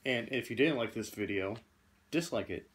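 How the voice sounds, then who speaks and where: A man's voice: fairly low pitch, expressive, moderate pace, fairly bright tone. A man co-hosting a casual product review, easygoing and agreeable, with hesitant fillers. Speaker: co-host of a fragrance review channel.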